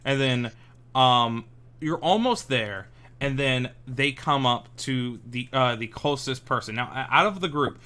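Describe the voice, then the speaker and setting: A man running a tabletop game as game master, narrating with many pauses and restarts. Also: medium pitch, bright, forceful tone, smooth. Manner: hesitant, full of ums and restarts.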